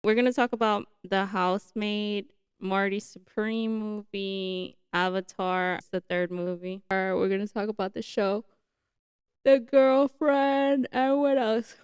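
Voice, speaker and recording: A young woman hosting her own podcast on a new mic setup, chatting casually and excitably. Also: medium pitch, smooth, dry recording. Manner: chatty, excitable, says like a lot. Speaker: podcast host. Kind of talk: casual solo podcast chat.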